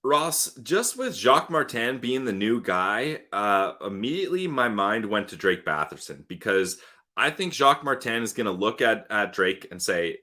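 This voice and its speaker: A man co-hosting a live hockey podcast, talking in an excited, emphatic way. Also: on the low side, normal speed. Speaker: podcast co-host. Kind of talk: casual sports talk livestream.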